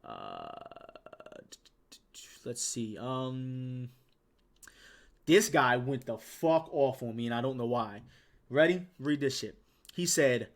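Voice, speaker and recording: A man's voice: mid-range voice, expressive, a little slow, pauses often. A man in his twenties giving casual commentary as a gaming YouTuber, with laid-back slangy talk, swearing and lots of filler words. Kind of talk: casual commentary on a ranking list.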